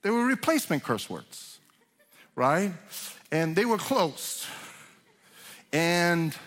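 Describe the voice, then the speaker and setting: A male pastor delivers a conversational sermon, often restarting his sentences and then swelling for emphasis. His voice sits a little higher than most men's. The sound carries a long reverb from a large sanctuary. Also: sing-song, slow, fairly bright tone. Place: church sanctuary.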